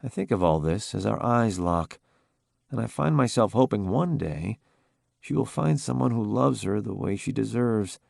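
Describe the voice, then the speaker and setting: A man reading a romance audiobook in the first person, calm and intimate. His voice has a gravelly texture and a lively, varied pitch. It is recorded close and dry. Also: moderate pace, dry recording. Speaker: audiobook narrator.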